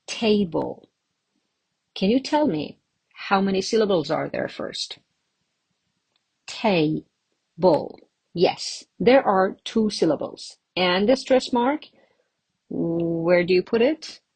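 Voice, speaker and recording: Slow, husky woman teaching pronunciation. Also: fairly low pitch. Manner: slow, patient, asks viewers questions and answers them. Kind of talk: pronunciation lesson to camera.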